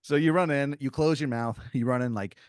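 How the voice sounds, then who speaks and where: A man's voice: mid-range voice, a little fast, clear, resonant tone, dry recording. A man improvising a story as game master on a comedy podcast, rambling with lots of fillers.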